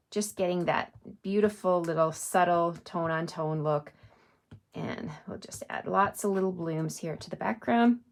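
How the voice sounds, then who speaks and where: A woman hosting a live card-stamping demonstration, chatty and friendly, thinking aloud as she works. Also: lowish voice.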